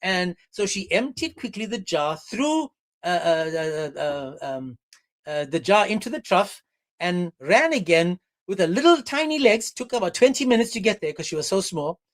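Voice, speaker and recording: A man's voice: high-pitched, big pitch swings, moderate pace, fairly bright tone. A man hosting a livestream religious debate, talking in a mocking, sarcastic way. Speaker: debate stream host.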